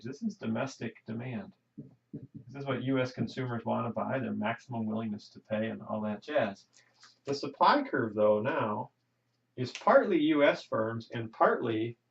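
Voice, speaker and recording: A man's voice: mid-range voice, creaky. A man teaching an economics class in a chatty, folksy way, often checking in with "right?", recorded in a classroom on a lo-fi recording. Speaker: economics lecturer. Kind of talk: classroom lecture. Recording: lo-fi lecture recording.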